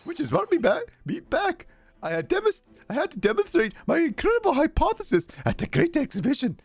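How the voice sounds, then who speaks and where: Squeaky frantic scientist voice, way up high and shouty, swooping around. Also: male voice, huge pitch swings, brisk, creaky, no echo, faint music behind, exaggerated voice. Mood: boastful. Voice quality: squeaky high-pitched put-on voice. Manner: shouting triumphantly, overexcited. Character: excitable eccentric male scientist, shrill and manic. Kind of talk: reading a game's dialogue aloud on a livestream.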